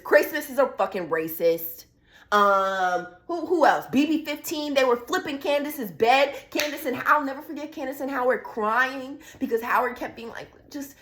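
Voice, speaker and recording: Young woman ranting on her vlog, blunt and heated, swears a lot, mid pitch. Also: a bit bright. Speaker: vlogger. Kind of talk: casual opinion vlog.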